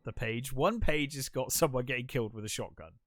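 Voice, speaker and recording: A man chats through a film's plot on a podcast, dropping quick quotes from the characters into his retelling. His voice sits in a middle pitch, recorded close and dry with no room sound. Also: no echo. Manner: retells scenes, quoting characters in passing. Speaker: podcast co-host. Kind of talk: casual film discussion.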